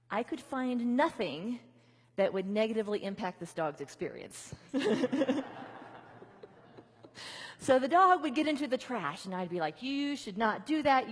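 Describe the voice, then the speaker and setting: A woman's voice: medium pitch, slightly rough. A woman minister giving a conversational sermon, leading her congregation in repeated affirmations. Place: large church venue. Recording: reverberant hall.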